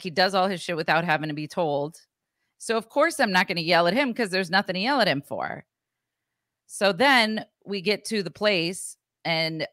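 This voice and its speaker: Low-voiced woman telling a story. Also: no echo, studio quality. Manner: animated, acts out quotes, swears casually. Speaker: podcast co-host. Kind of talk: casual storytelling chat.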